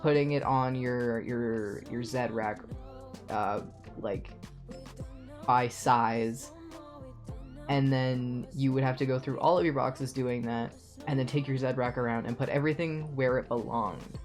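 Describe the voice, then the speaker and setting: A young man streaming a game, telling an animated story in a casual rant full of swearing. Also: mid-range voice, a little slow, soft background music.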